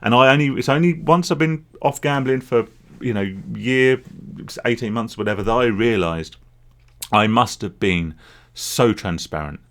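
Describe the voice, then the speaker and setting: Speaking at a normal pace in a mid-range voice, a vlogger looks back on his gambling addiction in a candid, rambling monologue. It's a confessional solo video made by a man who used to be hooked on gambling.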